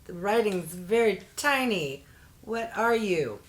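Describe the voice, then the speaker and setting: A woman's voice: medium pitch, expressive, slow pace. A middle-aged woman chatting casually as she unboxes beauty products, easily delighted and making jokey asides. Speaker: unboxing vlogger.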